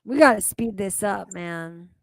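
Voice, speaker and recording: A woman's voice: medium pitch, expressive, measured pace, background noise. A woman streamer reacting to videos, with crude, mocking and incredulous commentary full of swearing.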